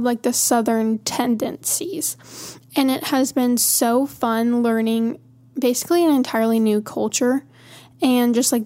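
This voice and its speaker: Woman, podcast host, casual rambling chat, higher-pitched voice, easily amused. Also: darkish tone. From Montana, USA. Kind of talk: casual monologue.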